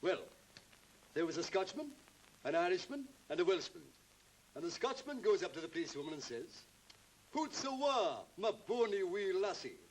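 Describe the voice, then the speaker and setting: A man's voice: sits high, very animated, normal speed, rough recording. An actor playing a jovial, joke-telling man-about-town in a 1930s film. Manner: jovial, chuckling, clubby banter. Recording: faintly hissy 1930s film soundtrack.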